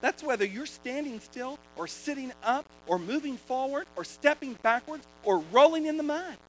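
A man preaching a sermon, emphatic and building to loud proclamations of scripture. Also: very high-pitched, moderate pace, a little hiss or hum, rough recording.

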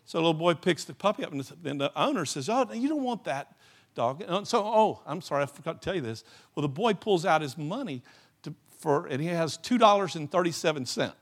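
Gravelly-voiced man preaching a sermon. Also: fairly high pitch, fast. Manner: rambling, restarts often, animated storytelling. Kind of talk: sermon with storytelling.

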